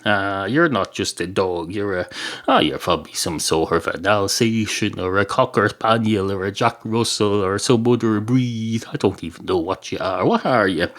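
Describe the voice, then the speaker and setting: A slightly hoarse Irish man voicing a chatty barman who teases and rambles with many fillers. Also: lowish voice, moderate pace, a bit bright, natural voice. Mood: teasing. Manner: rambling, teasing, full of uh fillers. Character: chatty, teasing male barman.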